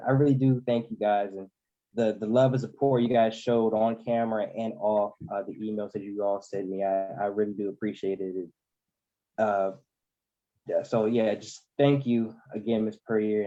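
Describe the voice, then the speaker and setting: A young man serving as a student board representative, speaking haltingly and close to tears at an online meeting. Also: on the low side, fairly even intonation, dark tone. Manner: halting, repeating himself. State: emotional, near tears. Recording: dull, lo-fi video call audio.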